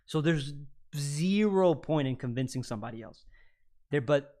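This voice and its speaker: Male panel host, assertive and lecturing, voice on the higher side. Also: expressive, normal speed, darkish tone. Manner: assertive, lecturing, drops his tone for emphasis. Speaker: podcast host. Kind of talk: casual panel debate.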